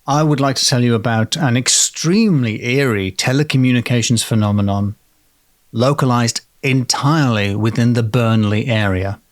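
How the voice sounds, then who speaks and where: A man's voice: mid-range voice, moderate pace. A British man hosting a podcast, telling a spooky story in a playful, digressive way and reading old letters aloud.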